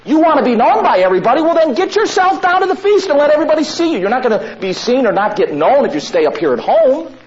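A man's voice: extremely high pitch, sing-song, pitched above the performer's own voice. A man preaching acts out a brash, scoffing brother who taunts someone to go show himself. It sounds dull and lo-fi, with faint noise behind it. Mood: taunting. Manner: taunting, loud and fast.

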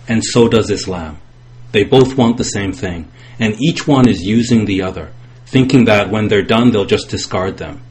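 A man delivers an impassioned sermon-like talk, leaning on each phrase with emphasis. His delivery swings up and down in a sing-song cadence, on a somewhat low voice. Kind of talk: impassioned preaching commentary.

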